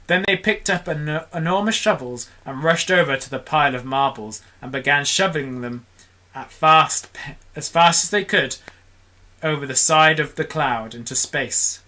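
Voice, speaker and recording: Brief: lively read-aloud narrator for a children's storybook stream, bright, ringing tone. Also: mid-range voice. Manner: expressive, does character voices. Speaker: storybook reader for a charity stream. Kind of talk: reading a children's book aloud on a livestream.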